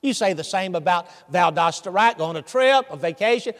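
An older man with a Southern American accent preaches in a notably high voice. He drives his sermon with rhetorical questions and swings between emphatic bursts and hushed passages. A long church-hall reverb trails every phrase. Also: animated, brisk, few pauses. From Tennessee, USA. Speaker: visiting preacher.

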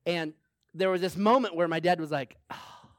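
A man's voice: fairly high pitch, normal speed, a bit bright, dry recording, studio quality. A man preaching a sermon in a conversational way, telling a personal story, repeating phrases for emphasis and laughing often. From small town. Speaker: pastor.

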